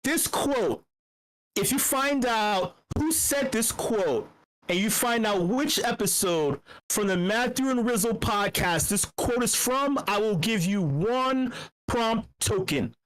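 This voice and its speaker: Man, live voice-channel host, brash, profane, teasing, bursts of drawn-out shouting, computer mic. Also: high voice, lively intonation. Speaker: host of a community voice-chat show. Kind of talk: casual live chat.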